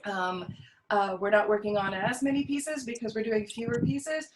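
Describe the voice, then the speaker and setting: A woman's voice: medium pitch, steady tone, moderate pace, background noise. A choir director with a Californian accent explains her teaching on a video call. She talks in a thoughtful way, with many ums and restarts.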